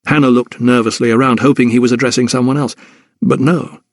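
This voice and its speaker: Clean studio audio without echo captures a man's mid-range voice as he reads a scripted audiobook, his storytelling steady and measured.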